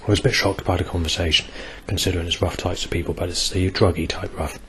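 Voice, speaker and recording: A man's voice: deep voice, fairly even intonation, fast talker, a bit bright, a little hiss or hum, low-quality recording. A man in his forties rambling hesitantly through a video diary, full of ums and restarts. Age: 40s. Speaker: vlogger. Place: outdoors near a busy bus station.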